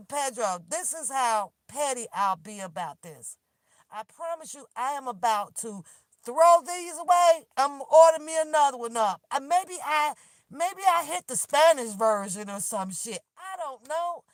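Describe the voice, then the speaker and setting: Filming on her phone from her car, a woman vlogger with a high voice rants to her viewers. The animated, casual talk is exasperated and laughing, and she swears freely. There's no echo.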